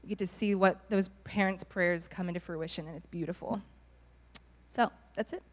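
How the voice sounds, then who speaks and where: A woman's voice: lowish voice, steady tone, moderate pace, heavy background noise. A young woman telling a church testimony in a bubbly, laughing storytelling way. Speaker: youth ministry leader. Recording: reverberant hall.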